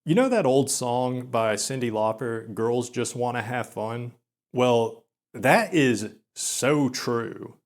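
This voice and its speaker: Slow and monotone, a young channel host with a mid-range voice talks through a vlog monologue at his own expense, with frequent fillers and quick stutters.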